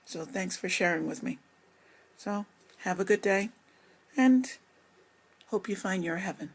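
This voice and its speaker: A woman's voice: fairly low pitch, steady tone, normal speed, husky. A woman speaking casually straight to camera, rambling and apologetic while she talks with her hands. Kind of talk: casual vlog monologue.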